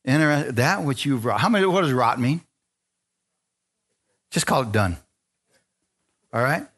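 A male pastor delivers a sermon in a call-and-response style, asking his congregation for amens. His voice is animated, unhurried, and slightly rough, sinking to low asides before climbing into loud, rising exhortation, and he slips in jokey, self-deprecating remarks.

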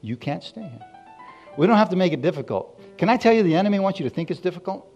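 A man preaching a sermon as a pastor, telling stories and acting out quotes, then rising to loud exclamations. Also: high voice, animated, very fast, muffled recording, soft background music. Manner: storytelling, acts out quotes, rises to loud exclamations.

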